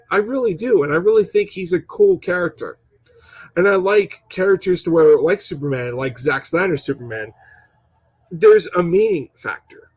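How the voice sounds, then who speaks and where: A man's voice: a little high, husky, rough recording. A young man in a casual, passionate opinion rant as a gaming channel host, rambling with stuttering restarts and swearing.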